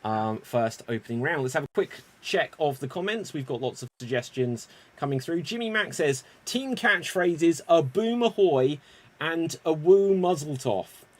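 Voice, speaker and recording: Man, improv show host, upbeat emcee, joking intros, slightly high voice. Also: animated, unhurried. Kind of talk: hosting a live online improv show.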